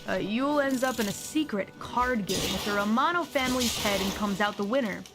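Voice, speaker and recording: A woman's voice: medium pitch, a little fast. A woman streamer casually recapping a tabletop campaign in a playful, giggly, rambling way. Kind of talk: casual recap with acted quotes. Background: music.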